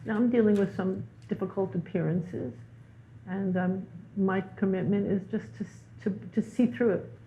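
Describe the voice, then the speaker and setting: Woman guest, animated storyteller, mid-range voice, heard through a phone-like line. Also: medium pitch, normal speed, slight background noise. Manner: animated storyteller, repeats words for emphasis. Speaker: guest teacher. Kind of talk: spiritual conversation.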